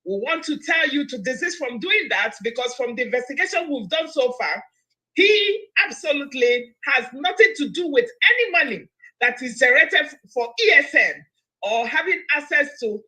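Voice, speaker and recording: A woman hosting a live broadcast, making a steady, emphatic statement. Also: sits high, normal speed, poor audio. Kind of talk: measured statement.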